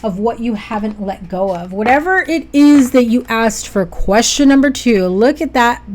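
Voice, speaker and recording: A woman's voice: mid-range voice, darkish tone. A woman giving a casual tarot reading to viewers, chatty and upbeat, often checking in with "okay?". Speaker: tarot reader.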